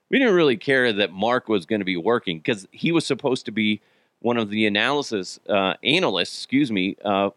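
A man's voice: mid-range voice, a bit bright, no room sound, studio quality. A man hosting a casual solo podcast, rambling and joking at his own expense, swearing freely and laughing often while he's a bit sick. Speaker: podcast host.

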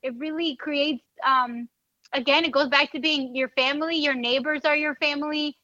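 A woman's voice: high voice, fairly even intonation, moderate pace, bright, forceful tone, no echo. A young woman with a Bronx New York accent, chatting casually in an interview, full of fillers like "like" and "you know". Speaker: NFL team reporter and podcast host. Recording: dull, dry, slightly lo-fi sound.

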